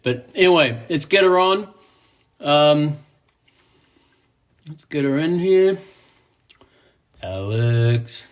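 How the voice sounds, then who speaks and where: A man in his forties with a New Zealand accent, chatting casually over a phone livestream. His voice sits a little high for a man, and his humor is loose, rambling and self-deprecating. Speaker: Instagram live host. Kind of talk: casual chat. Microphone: phone camera, live video call.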